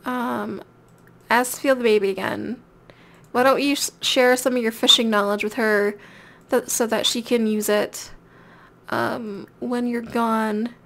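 A woman with a high, light voice narrates her gameplay in a casual let's-play style. She chats along as she plays and talks directly to the characters on screen, as if they could hear her. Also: fairly even intonation, unhurried, fairly bright tone. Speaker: gameplay video creator.

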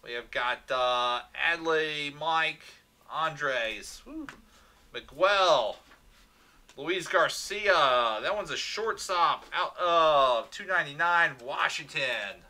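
A man's voice: fairly high pitch, animated, slow, bright, forceful tone. A man hosting a livestreamed card box break, upbeat, rattling off player names and chatting with viewers.

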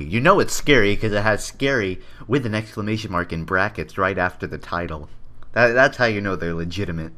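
A man's voice: on the low side, fairly quick, sharp tone, slight background noise. A man giving jokey, sarcastic commentary over game footage as the host of a gaming channel. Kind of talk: gameplay commentary.

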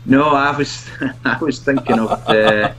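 A man who reviews products, chatting as a guest in a halting, self-mocking way and laughing often. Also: medium pitch, a bit bright, faint music behind, low-quality recording. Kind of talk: casual video chat.

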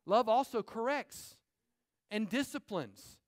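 Here a high-voiced man, the pastor, is giving a sermon inside a church sanctuary, animated throughout and pausing for rapid asides to his congregation.

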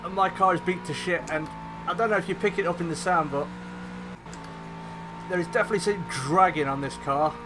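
A young man giving excitable live commentary on a racing game, swearing whenever things go wrong. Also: sits high, a little fast, over music. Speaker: gaming YouTuber.

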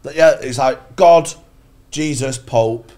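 A man's voice: mid-range voice, takes it slowly, mellow. A male podcast host spinning a rambling, sweary comic story and acting out the characters' lines. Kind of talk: comedic storytelling chat.

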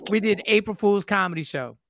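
A man telling a funny story in casual chat, self-mocking and relaxed. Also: sits high, fairly quick, creaky, no echo, clean studio sound. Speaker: podcast co-host.

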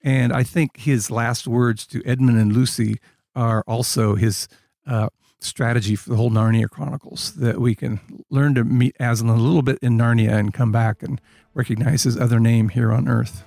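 A man's voice: medium pitch, fairly even intonation, moderate pace, creaky, warm tone, no echo, studio quality. A man co-hosting a literature podcast, discussing books thoughtfully and telling stories. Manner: thoughtful, storytelling. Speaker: podcast co-host, scholar. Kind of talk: casual academic discussion.

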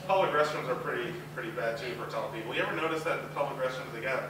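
A man's voice: mid-range voice, background noise. A young man performing a rambling, self-deprecating stand-up comedy set as a student comic. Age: young adult. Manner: rambling, self-deprecating, with quick acted-out asides. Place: university talent show stage. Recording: distant, very echoey hall mic with crowd ambience. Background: audience laughter.

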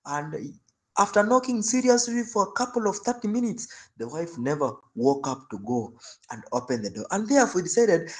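A male preacher giving a sermon. He tells stories in an animated way and circles back on phrases for emphasis. His voice sits slightly higher than most men's. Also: normal speed. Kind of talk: sermon with storytelling.

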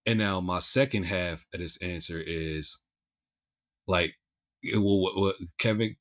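Deep-voiced rambling Philly man. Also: unhurried, fairly bright tone. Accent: Philadelphia. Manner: rambling, many restarts and repeated words. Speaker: podcast host. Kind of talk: casual podcast chat.

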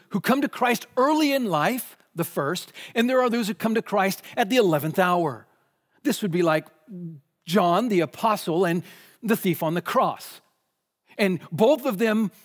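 A man's voice: fairly high pitch, in a large hall. A man preaching a sermon in a church, speaking emphatically and repeating words when he presses a point. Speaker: pastor. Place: church sanctuary.

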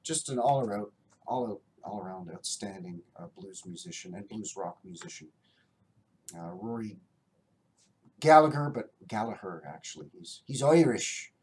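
Guy showing off his record haul, rambly and excited, kinda low voice, bit of faint hiss. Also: moderate pace. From Canada. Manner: enthusiastic, rambling. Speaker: record collector vlogger. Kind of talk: casual show-and-tell.

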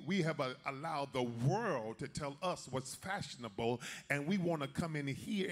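A male bishop delivers a sermon in a slow, unhurried way. His voice is husky, and his folksy manner has him speaking straight to the congregation. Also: a little high. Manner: folksy preaching, addresses the congregation directly.

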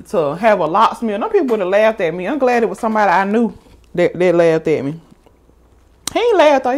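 Female mukbang vlogger, chatty storytime delivery, lively quoting. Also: mid-range voice. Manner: chatty and animated, quoting others in raised voice. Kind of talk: casual storytime to viewers.

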